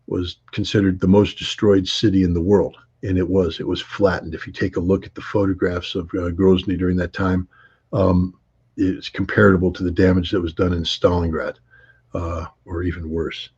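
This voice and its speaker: A man telling travel anecdotes in an interview, rambling with many fillers, restarts and laughs, his voice husky. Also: sits low, little pitch movement, moderate pace, darkish tone. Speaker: interview guest. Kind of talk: conversational storytelling. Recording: dull lo-fi audio.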